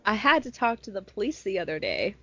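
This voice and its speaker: A young woman chatting casually with friends and telling an animated story, swearing freely. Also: medium pitch, fairly quick, husky. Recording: muffled lo-fi sound, dry.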